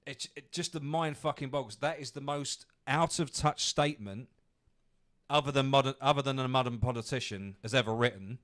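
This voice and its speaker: A man's voice: medium pitch, a little fast, fairly bright tone. A man hosting a podcast, ranting angrily with lots of swearing. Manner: angry, profane ranting. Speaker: podcast host. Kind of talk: ranting commentary.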